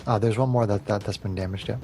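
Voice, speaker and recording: Gravelly game master with music. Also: male voice, fairly low pitch, steady tone, quick pace, mellow. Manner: calls out hits and damage, chuckles often. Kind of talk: narrating a tabletop game over a video call. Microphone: video call headset or desk mic.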